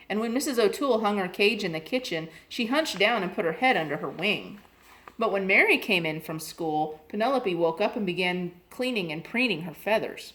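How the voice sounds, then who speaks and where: A woman expressively reading a children's chapter book aloud. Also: lowish voice. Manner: expressive, lively. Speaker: reader.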